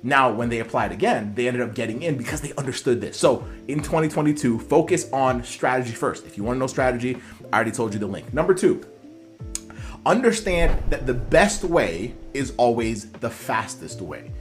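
A man's voice: mid-range voice, lively intonation, moderate pace, soft background music. A man coaching students applying to physical therapy school, talking earnestly with many fillers and restarts. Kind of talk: motivational coaching talk.

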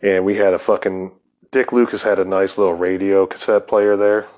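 A man's voice: deep voice, flat delivery, moderate pace, a little mellow, rough recording. A man in his fifties telling a rambling personal story, laid-back and swearing constantly, tossing in "man" and "dude". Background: guitar music playing.

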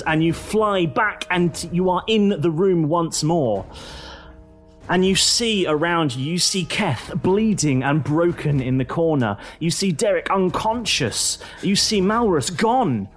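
Slow, lively-voiced male game master. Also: sits high. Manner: descriptive, repeats words for effect. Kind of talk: slow dramatic game narration.

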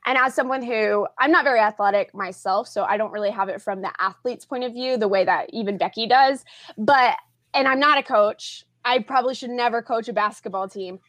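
A woman's voice: on the high side, brisk, a bit bright, no echo. A young adult woman from Oklahoma, a podcast guest chatting casually with lots of fillers and restarts. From Tulsa, Oklahoma area, US. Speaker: podcast guest, film critic.

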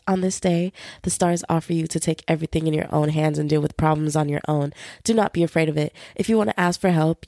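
A woman's voice: on the low side, gravelly, dry recording, clean studio sound. A young woman hosting her own podcast, talking casually and playfully while feeling a bit unwell. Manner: chatty, playful, animated with voices for roommates. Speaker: podcast host. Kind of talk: casual solo podcast chat.

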